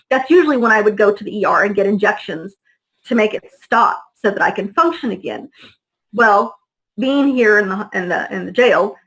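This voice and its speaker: A woman's voice: mid-range voice, a bit bright, rough recording. A middle-aged woman telling her story as an interview guest, blunt and heated, swearing freely and acting out the voices of people she quotes. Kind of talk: personal storytelling in conversation.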